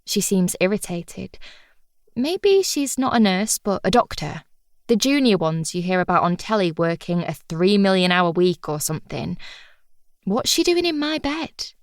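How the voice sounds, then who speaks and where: A woman's voice: medium pitch, no echo, clean studio sound. A woman reading a first-person audiobook in a wry, chatty, confiding manner. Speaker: audiobook narrator.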